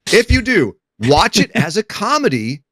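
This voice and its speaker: Animated man, dry close sound. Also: sits high, moderate pace, husky, no room sound. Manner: enthusiastic, animated storyteller. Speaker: podcast co-host. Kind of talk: casual movie review chat.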